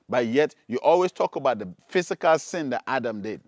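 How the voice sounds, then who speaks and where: A man preaching, reading scripture low and slowly, then rising to loud, emphatic rhetorical questions. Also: expressive, no room sound. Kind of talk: preaching sermon.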